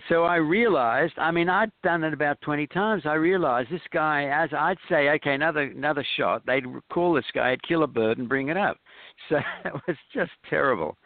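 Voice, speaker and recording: A man's voice: fairly high pitch, moderate pace, no echo. A man who is a film director, guest on a show, telling rambling, hesitant anecdotes full of ums and chuckles. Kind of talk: anecdotal storytelling in an interview. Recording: tinny phone-line sound.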